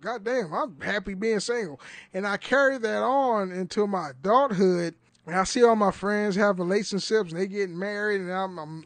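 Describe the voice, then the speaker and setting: This young man's voice sits high and a bit bright, recorded without echo. Hosting a solo podcast, he rambles and swears casually, laughs often, and keeps restarting his sentences.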